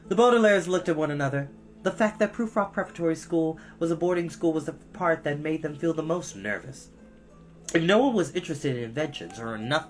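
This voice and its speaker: A storyteller reading a children's book aloud, pausing to cough and apologize. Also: medium pitch. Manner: expressive, with frequent coughs and apologies.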